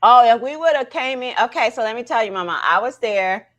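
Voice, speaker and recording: A woman with a slightly high voice hosts a casual livestream, speaking briskly and animatedly straight to her chat viewers. She keeps tagging her points with "right?" and "okay?", and the audio has a lo-fi quality.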